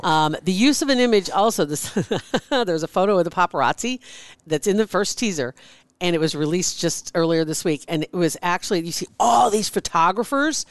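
A woman with a fairly low voice co-hosts a podcast, chatting casually and gossiping as she laughs her way through stories. The recording is dry, with no room sound.

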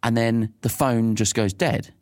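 A man's voice: medium pitch, fairly even intonation, a little slow, no room sound, clean studio sound. A man co-hosting a podcast, telling a rambling, laughing anecdote in casual chat, recorded in a teepee at home. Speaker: podcast co-host.

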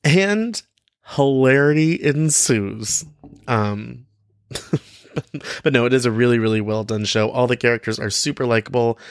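A man's voice: medium pitch, level tone, normal speed, long pauses, smooth, dry recording. A young man hosting his own podcast in a casual, cheeky, playful way, often laughing and using many fillers. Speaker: podcast host. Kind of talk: casual solo podcast talk.

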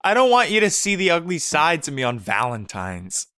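Man, comedy podcast co-host; deadpan mock-romantic improv, clear bright tone. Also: on the high side, moderate pace, no room sound, clean studio sound.

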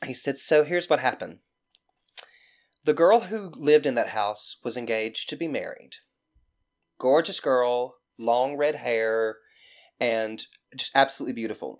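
A woman from Mississippi with a thick Southern accent, telling a story casually as a podcast guest, rambling and swearing freely. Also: extremely low pitch.

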